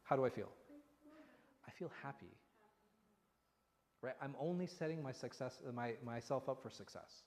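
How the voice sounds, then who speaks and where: A man, an imam, giving a conversational religious lesson, animated and full of rhetorical questions. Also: mid-range voice, normal speed, long pauses. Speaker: imam teaching a class. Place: mosque hall. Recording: long reverb in a hall.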